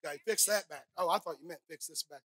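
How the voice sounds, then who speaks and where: A middle-aged woman pastor preaching a sermon on a clip-on mic, swinging from soft asides to loud shouted peaks and joking with the congregation. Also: low-pitched, quick pace. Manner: playful, talks directly to the congregation. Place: church sanctuary. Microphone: headset or clip-on microphone.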